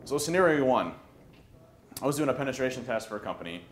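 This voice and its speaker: A man giving a conference talk on social engineering, animated and joking, often restarting his sentences. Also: mid-range voice, fast, a little hiss or hum. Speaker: conference speaker. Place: conference hall. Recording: roomy hall with faint ambience.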